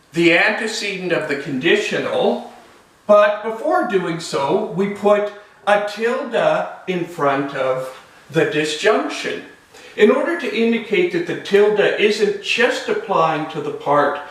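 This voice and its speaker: A man teaching a logic lesson, talking through examples slowly and deliberately. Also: high-pitched. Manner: slow, deliberate, lively rising and falling intonation. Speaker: logic instructor. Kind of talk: recorded lecture. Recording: echoey room, voice far from mic.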